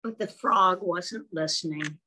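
A woman reading a picture book aloud to young children, expressive and stopping to ask them questions. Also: on the low side, low-quality recording. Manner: expressive, pauses to ask little listeners questions. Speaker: storyteller for children.

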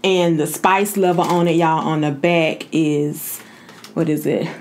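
A woman hosts her own vlog, talking casually to the camera and often calling her viewers "y'all." Her voice is low and darkish, with fairly even intonation and an unhurried pace.

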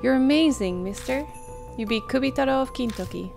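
A small, cruel ghost girl, put on by a woman reading a game aloud, speaking in a high, gleeful singsong full of teasing lilts. Her lines carry a bright, childlike lift. Game music runs clearly underneath. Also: expressive, fairly quick. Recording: game music playing behind.

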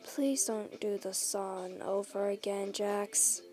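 A woman's voice: medium pitch, slow, soft background music, voice pushed down, natural voice. A woman voicing a grumpy, jaded toy-piece creature in a fan audio role-play, complaining wearily. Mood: weary. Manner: weary, flat complaining.

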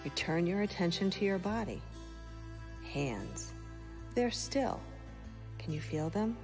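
A woman gently guiding children through a mindfulness exercise, calm and softly asking questions. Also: fairly low pitch, slow pace, music in the background.

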